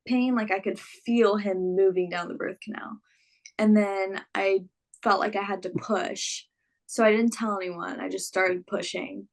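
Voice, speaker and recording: A young woman casually telling her own story in a relaxed, chatty way full of fillers. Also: mid-range voice, gravelly.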